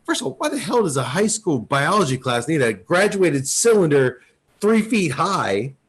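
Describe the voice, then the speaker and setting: A Texan man co-hosting a podcast, casually riffing on a movie and acting out its lines in quick voices. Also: on the high side, very animated, breathy edge. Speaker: podcast co-host. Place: home, recording remotely.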